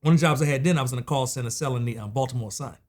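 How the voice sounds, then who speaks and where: A man's voice: medium pitch, racing. A middle-aged man hosting a podcast, chatting playfully and joking with his guest in a casual, slangy way. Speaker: podcast host. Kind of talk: casual interview conversation.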